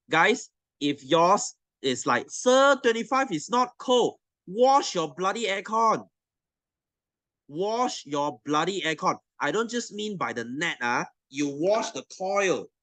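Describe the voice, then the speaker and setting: A man's voice: fairly high pitch, fairly bright tone, no echo. A young adult man with a Malaysian English accent, teaching a science class in a blunt, swearing, teasing rant to his students. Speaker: science tutor.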